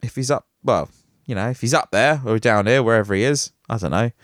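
A man's voice: medium pitch, a little fast, dry recording, studio quality. A man hosting a podcast, reading news items and breaking off into jokey, rambling asides, laughing at himself. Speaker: podcast host.

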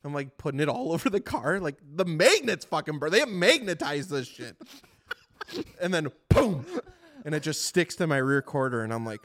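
A man co-hosting a car podcast, telling a story in a casual, animated way, swearing and laughing often. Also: on the high side, normal speed. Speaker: podcast co-host. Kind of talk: casual chat.

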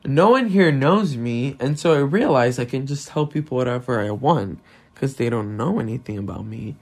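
Young man, non-native English accent, podcast host, candid, self-deprecating, casual solo talk, mid pitch. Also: lively intonation, normal speed, a little mellow. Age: young adult.

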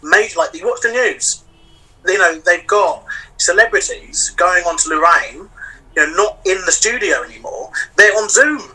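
A man's voice: sits high, lively intonation, normal speed, bright, forceful tone, far from the mic, slight background noise, low-quality recording. A man, a wrestling promoter and wrestler, chatting casually on a podcast over a video call and rambling with lots of "you know" fillers.

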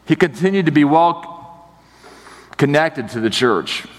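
A man's voice: fairly high pitch, a little slow. Storytelling man preaching in a big hall. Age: 30s. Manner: conversational storytelling, animated. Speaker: pastor. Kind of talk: sermon.

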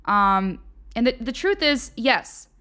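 A woman's voice: fairly high pitch, sing-song, slow pace, sharp tone. A young woman hosting a live online show, chatting casually with many fillers and reading viewer comments aloud. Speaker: livestream show host. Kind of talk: casual opinion livestream, reading chat.

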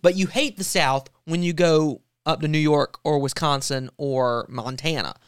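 A male talk show host giving sarcastic, animated commentary in a casual chat. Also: fairly high pitch, a little slow, clean tone, no echo, clean studio sound. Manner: animated and sarcastic, mocks quotes.

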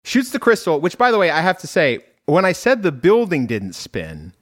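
A man's voice: on the high side, normal speed. A man co-hosting a podcast, recapping a film in casual chat, swearing freely and laughing often. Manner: profane, laughs often, animated storytelling. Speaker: podcast co-host.

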